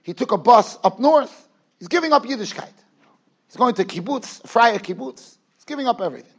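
Animated high-voiced rabbi lecturing. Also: male voice, brisk, husky. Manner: animated, swings from emphatic to hushed, repeats phrases. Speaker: rabbi giving a Torah class. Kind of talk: yeshiva lecture. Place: yeshiva study hall.

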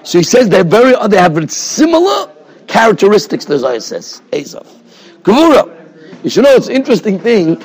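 Husky high-voiced rabbi teaching. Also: male voice, very animated, moderate pace, darkish tone. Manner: discursive, explanatory, keeps checking in with "right?". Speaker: rabbi teaching a Torah class. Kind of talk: Torah class lecture. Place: yeshiva study hall.

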